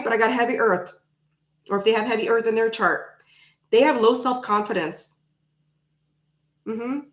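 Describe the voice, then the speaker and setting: A woman's voice: fairly high pitch, fairly bright tone. Echoey woman doing a tarot reading. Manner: repeats phrases, muses aloud while pulling cards. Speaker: tarot reader. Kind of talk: casual tarot card reading.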